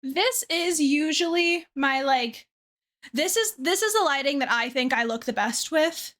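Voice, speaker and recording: A woman's voice: high-pitched, expressive, unhurried, fairly bright tone. A young woman streamer chatting casually to her chat from a dim room at her desk, self-deprecating and trailing off with fillers.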